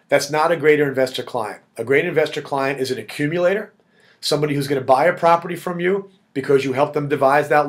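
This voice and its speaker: A man leading a real estate network, giving direct, emphatic coaching in a motivational video blog. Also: on the high side. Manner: direct, emphatic pep talk addressing the audience as "guys".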